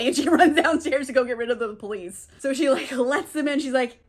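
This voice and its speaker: A woman with a fairly high voice recaps a novel in a casual, sarcastic way. She is chatty and drops in curses and laughs as she talks. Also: fairly quick, few pauses. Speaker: book reviewer.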